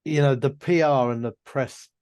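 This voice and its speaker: A man co-hosting a casual chat show, reacting with easy chuckles and giving measured opinions. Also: medium pitch, darkish tone, smooth. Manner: easygoing listener, chuckles along, measured opinions. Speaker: podcast co-host.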